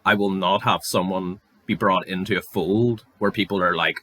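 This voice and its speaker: With a low-pitched, fairly even voice, a young Northern Irish podcast host delivers a solo rant at a moderate pace and with few pauses. The recording has no echo. Sarcastic, angry and full of swearing, he rises almost to shouting as he heats up.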